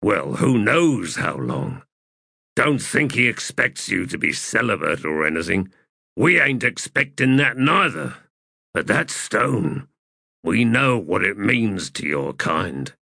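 A man's voice: on the low side, big pitch swings, slow pace, vocal fry, sharp tone, slightly rough, no echo, studio quality, full character voice. A man voicing a blunt, plain-spoken soldier in an audiobook.

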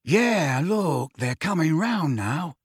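A man's voice: on the high side, big pitch swings, slow, slightly rough, dry recording, studio quality, pitched above the performer's own voice, full character voice. A man voicing a teasing, smirking teenage prankster boy in an audiobook. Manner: teasing, mock-kindly. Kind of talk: audiobook character voice.

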